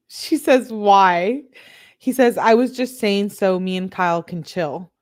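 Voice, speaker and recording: A woman's voice: medium pitch, slow pace, a little mellow. A woman hosting a casual live stream, reading text messages aloud and reacting as she goes, with frequent "like" fillers.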